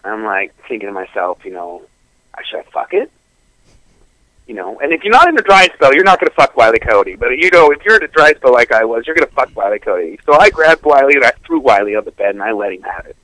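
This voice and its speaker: A man's voice: mid-range voice, fast talker, few pauses, no room sound, low-quality recording. A man telling a crude comic story on a radio show, cursing often and laughing as he goes. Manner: profane, animated, laughing through the story.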